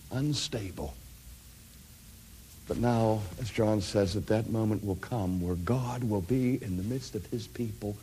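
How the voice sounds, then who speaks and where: A middle-aged male preacher with a somewhat low voice. He tells stories from the pulpit, dropping to near-whispers and then building to loud, ringing peaks. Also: a little hiss or hum. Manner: storytelling, dynamic swings from hushed to loud. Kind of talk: sermon.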